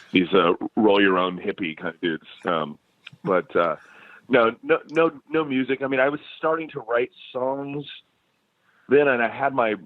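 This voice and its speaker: This American musician, interviewed casually, has a mid-range voice and an unhurried delivery. He spins stories with plenty of laughter and many restarts, and the dry audio has the thin quality of a phone line.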